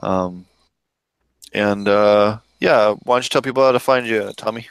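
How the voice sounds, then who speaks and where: A man's voice: fairly low pitch, unhurried, creaky, clear, resonant tone, no room sound. A man hosting a podcast in casual chat, ranting freely and swearing often. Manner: profane, ranting, loose and talkative. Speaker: podcast host.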